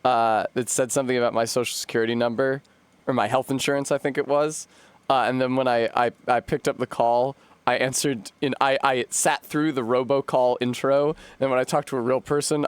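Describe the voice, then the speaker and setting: Rambling through a casual live-stream chat, this young adult from the United States is wry, swears a lot and laughs often. He speaks a little fast in a steady, smooth, mid-range voice, and the recording is dry.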